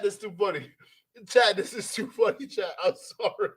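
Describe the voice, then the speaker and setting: A man's voice: high voice, moderate pace, husky. A man hosting a live reaction stream, laughing uncontrollably and stammering as he talks to his chat. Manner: laughing uncontrollably, breaking into shrieks; stammering, repeating himself. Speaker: livestream reaction host.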